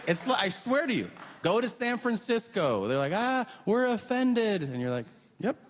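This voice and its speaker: A middle-aged man performing a stand-up comedy set, animated and acting out characters in silly voices. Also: high-pitched, moderate pace. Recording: long hall reverb with audience noise.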